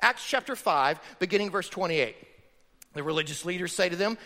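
A man's voice: high-pitched, fairly quick, bright, forceful tone. A man preaching a sermon as pastor, emphatic and full of rhetorical questions to the congregation. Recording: long reverb of a large hall.

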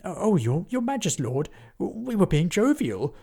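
Guy doing a jittery excitable sidekick, pitched up. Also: normal speed, vocal fry, breathy edge, heavily acted. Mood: nervous. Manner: excitable, nervous. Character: cheeky excitable companion Hobgob.

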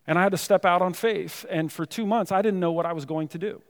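Male pastor with a high voice in a church hall with long reverb, preaching with loose, chatty asides. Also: fast talker. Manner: conversational preaching, many "you know" and "right?" asides. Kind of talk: sermon. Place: church sanctuary.

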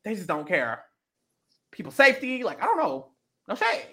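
Podcast co-host, casual recap chat, gossipy, swears freely, very lively pitch, bright sharp tone. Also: normal speed. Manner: animated, gossipy, swears freely, quotes people in voices.

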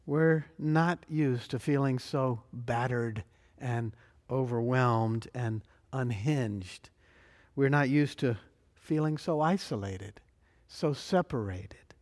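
A man preaching a sermon, slow and emphatic, with dramatic pauses. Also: mid-range voice, a little mellow, long reverb tail. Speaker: pastor.

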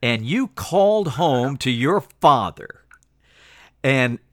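A man's voice: mid-range voice, big pitch swings, slow pace, no room sound, clean studio sound. A man hosting a podcast, interviewing a guest with polished broadcaster delivery.

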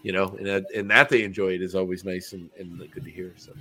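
A man's voice: low-pitched, little pitch movement, fast talker, sharp tone, slight background noise. Joking man in casual podcast chat. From Canada. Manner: joking, self-deprecating, stumbling restarts. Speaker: podcast co-host.

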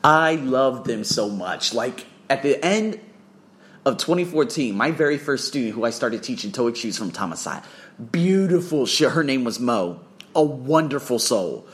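A man telling a travel story in a casual vlog, profane and excitable, swearing freely as he talks. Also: mid-range voice, a little slow. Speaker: vlogger and English teacher.

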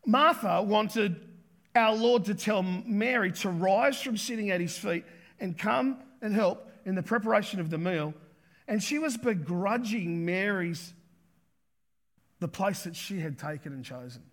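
Man preaching, higher voice, emphatic, repeats key words, sermon delivery. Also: animated, measured pace. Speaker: pastor.

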